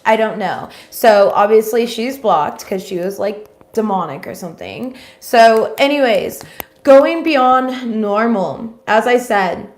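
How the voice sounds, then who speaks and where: A woman's voice: fairly high pitch, lively intonation, slow. A woman giving a casual livestream tarot reading, rambling and swearing freely with many ums. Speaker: tarot reader. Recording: roomy echo.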